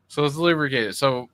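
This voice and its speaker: A man's voice: mid-range voice, gravelly, a bit bright, dry recording. A man co-hosting a casual livestream chat, joking and rambling with a slight lisp and many restarts. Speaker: co-host.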